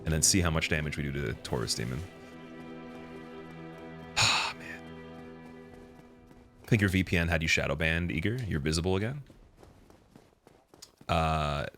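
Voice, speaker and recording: A man's voice: extremely low pitch, normal speed, long pauses, a bit bright, faint music behind. A young man streaming a game, chatting casually with a rambling, laughing manner. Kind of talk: casual live gameplay commentary.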